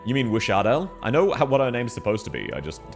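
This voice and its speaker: Lively, laugh-prone male streamer. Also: mid-range voice, vocal fry. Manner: chatty, laughs often, reacts to chat. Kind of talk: casual live-stream chat. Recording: faint music behind.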